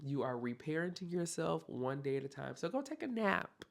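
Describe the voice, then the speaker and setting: A man's voice: fairly high pitch, big pitch swings, moderate pace, creaky. A man hosting a solo self-help podcast, talking in an encouraging, heartfelt way and often checking in with "okay?". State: near tears at times. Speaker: podcast host.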